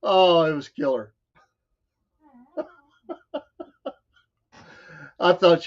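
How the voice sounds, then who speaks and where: A man's voice: sits high, lively intonation, a little slow. Laughing Southern man telling stories. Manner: laughing storyteller, quoting others in voices. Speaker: show co-host. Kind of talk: casual chat. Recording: dull lo-fi sound.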